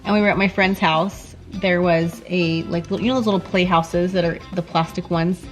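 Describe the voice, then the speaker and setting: A woman in her thirties, a mother telling animated stories to her teen daughter while sitting in a parked car in a garage. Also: normal speed, faint music behind, rough recording. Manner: animated, laughing, quotes herself in high voice. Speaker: mother answering questions. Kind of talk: casual storytelling chat.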